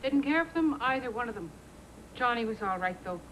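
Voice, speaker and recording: An actress playing a wary widow who answers the police curtly and with bitterness. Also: female voice, a little high, lively intonation, brisk, fairly bright tone, slight background noise, rough recording. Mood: bitter. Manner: curt, tight-lipped, then bitter.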